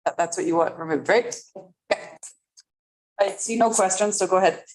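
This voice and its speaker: A woman mayor chairing a council meeting in the chamber, keeping things moving in a brisk, procedural way. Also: lowish voice, a little mellow, poor audio.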